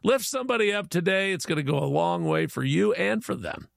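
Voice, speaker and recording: A man's voice: high voice, animated, a little fast, gravelly, no room sound, studio quality. A man hosting a casual morning show, folksy and chatty, plugging local spots and telling a joke of the day. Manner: folksy, chatty, laughs easily. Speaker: radio show host.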